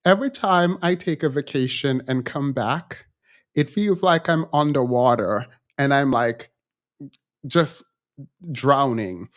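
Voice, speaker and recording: A man's voice: mid-range voice, animated, takes it slowly, fairly bright tone. A man hosting a casual live-stream commentary, telling stories with animation and mimicking others in a raised voice. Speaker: channel host.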